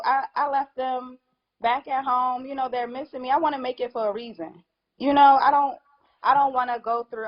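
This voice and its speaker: A young woman hairstylist chatting in an interview, animated and acting out quotes, at times emotional. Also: on the high side, highs cut off. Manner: animated storyteller, acts out quotes, gets emotional. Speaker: hairstylist guest. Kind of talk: casual interview chat.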